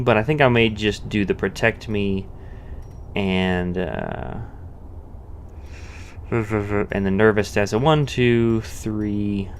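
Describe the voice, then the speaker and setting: A man's voice: lowish voice, a little hiss or hum. A man giving casual let's-play commentary, thinking aloud with many restarts and fillers. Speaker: gameplay commentator.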